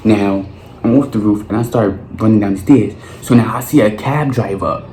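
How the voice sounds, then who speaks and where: A young man, lively and foul-mouthed as he spins a storytime tale. His voice sits a bit low. It sounds a little roomy, with a faint hiss underneath. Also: normal speed. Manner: animated, profane storytelling with lots of slang. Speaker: vlogger. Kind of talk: storytime monologue.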